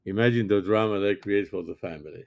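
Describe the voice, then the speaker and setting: A man in his sixties, a physician, giving a halting, earnest opinion monologue and often restarting his sentences. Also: on the low side, creaky, no echo, lo-fi sound. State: sleepy, yawning. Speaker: physician commentator.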